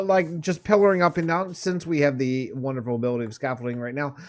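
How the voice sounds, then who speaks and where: Man rambling over his building game. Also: fairly high pitch. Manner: rambling, thinks aloud, frequent restarts. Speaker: let's play host. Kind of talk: casual gameplay commentary.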